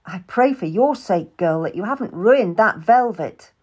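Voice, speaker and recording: A woman's voice: medium pitch, lively intonation, measured pace, a little mellow, breathy edge. A woman voicing a stern older noblewoman who scolds in a scornful, clipped way. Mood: scolding.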